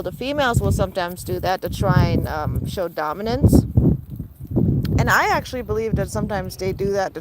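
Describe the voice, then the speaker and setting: A woman who keeps pet geese, chatting casually outdoors by a pen near water and laughing often. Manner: chatty, laughs often, coos at the birds in a high voice. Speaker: pet goose keeper and channel host. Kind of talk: casual vlog narration. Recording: loud outdoor background noise. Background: loud outdoor noise and geese.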